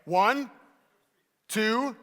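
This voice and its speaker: A man's voice: high-pitched, extremely slow, noisy background. A man giving a playful, joking keynote talk to a live audience in a large hall. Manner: joking, teasing and energetic. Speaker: keynote speaker. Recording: hall reverb.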